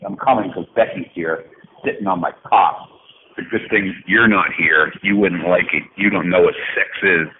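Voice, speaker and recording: A middle-aged man with a low voice leaves an angry, rambling phone message at a moderate pace and with fairly even intonation. His rant is profane, mocking, and erratic, swinging sarcastically, heard over a tinny phone line with faint hiss.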